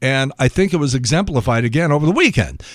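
A middle-aged man telling a long story in a monologue, indignant and animated, acting out both sides of an argument. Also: medium pitch, fast talker, no echo, studio quality. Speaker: podcast host.

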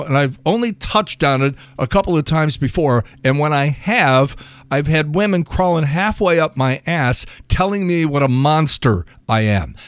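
Middle-aged guy ranting about his weekend, swings his pitch all over, dead dry sound. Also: dry recording. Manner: indignant, animated, acts out both sides of arguments. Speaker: podcast host. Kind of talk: monologue storytelling.

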